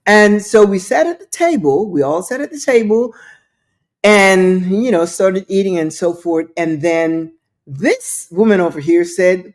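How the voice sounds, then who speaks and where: Animated, lively woman host telling a story. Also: medium pitch, a little slow. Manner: animated, chatty, skeptical, with frequent restarts and asides. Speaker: show host. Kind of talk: casual storytelling monologue.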